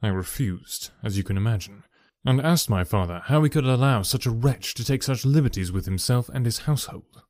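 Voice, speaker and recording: A man voicing a troubled young gentleman who earnestly recounts a family ordeal. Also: mid-range voice, expressive, brisk, few pauses, no room sound, clean studio sound, close to an everyday voice. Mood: grave. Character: young gentleman, troubled, telling of his father's ruin.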